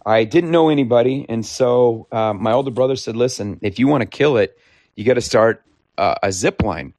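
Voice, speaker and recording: A man from Idaho, talkative and animated, telling his story in a casual interview and laughing often. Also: mid-range voice, normal speed, no room sound. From Idaho, United States. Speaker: interviewee, founder. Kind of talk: conversational storytelling.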